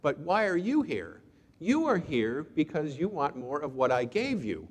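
A man voicing Jesus in a sermon, as a calm adult teacher who asks gentle questions. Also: fairly high pitch, a little slow, husky, voice pushed up, full character voice. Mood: gently probing. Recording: long hall reverb.

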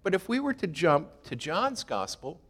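A man's voice: sits high, sing-song, normal speed, a bit bright, long reverb tail. A man preaching a sermon in a chatty, conversational way, with rhetorical questions and self-deprecating humor. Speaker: pastor.

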